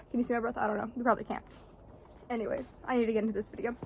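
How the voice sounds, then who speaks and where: A young woman with a high, bright voice chats quickly through a casual unboxing vlog. She is out of breath from the cold and talks in a bubbly, rushed way. Faint outdoor ambience sits behind her. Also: level tone, gravelly, a little hiss or hum. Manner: fast, chatty and bubbly. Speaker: vlogger. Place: outdoors in the snow.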